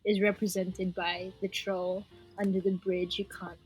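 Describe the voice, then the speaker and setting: Giggly, unhurried podcast co-host woman. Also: mid-range voice, flat delivery, darkish tone, faint music behind. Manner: giggly, teasing. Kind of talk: casual chat.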